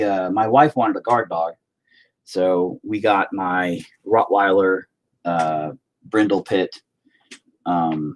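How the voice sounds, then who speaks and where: A middle-aged man chatting casually on his vlog, rambling, swearing and sarcastic. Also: sits low. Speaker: vlogger, band vocalist.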